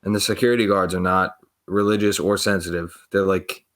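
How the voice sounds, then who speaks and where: A man's voice: sits low, flat delivery, a little fast, a bit bright. A young man on a casual podcast, telling a long rambling story full of swearing and acted-out quotes. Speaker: podcast co-host.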